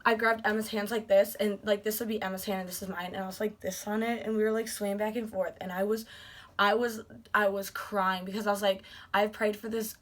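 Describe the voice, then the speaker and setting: A young woman vlogger telling a story with gushing excitement, full of fillers. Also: medium pitch, fairly quick. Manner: gushing, animated, many fillers like "like".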